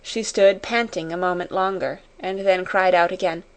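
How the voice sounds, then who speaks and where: A woman narrating an audiobook chapter in a measured, unhurried reading. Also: on the low side, steady tone. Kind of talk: scripted storybook narration.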